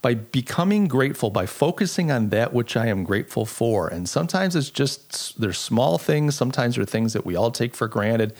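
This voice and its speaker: A man's voice: mid-range voice, big pitch swings, moderate pace, few pauses, darkish tone. A middle-aged man hosting a solo podcast, talking in an earnest, reflective way and telling stories with frequent restarts. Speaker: podcast host. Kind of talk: casual solo podcast monologue.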